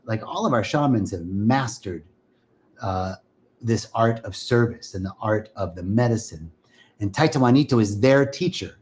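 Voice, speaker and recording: A man's voice: lowish voice, a little mellow, a little hiss or hum. A man hosting a spiritual live stream, talking casually and enthusiastically to viewers and greeting them by name.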